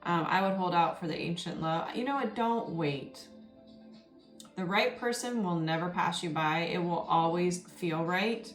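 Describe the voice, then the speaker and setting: A woman's voice: lowish voice, unhurried. A woman tarot reader talking casually and rambling, with many ums and you-knows. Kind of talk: casual spoken tarot reading. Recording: roomy echo with faint music underneath. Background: faint background music.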